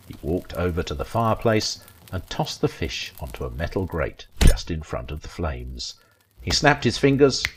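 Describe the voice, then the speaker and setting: A man narrating a dark comic story in a wry, dramatic storytelling manner. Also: extremely low pitch, a little hiss or hum. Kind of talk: scripted horror-comedy story narration.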